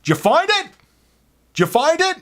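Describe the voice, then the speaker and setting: A man voicing a loudmouthed, goofy male customer who taunts and shouts in a raised voice. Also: very high voice, wildly swooping pitch, moderate pace, voice pushed up, heavily acted. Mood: mocking. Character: loud, mocking tall goofy male customer.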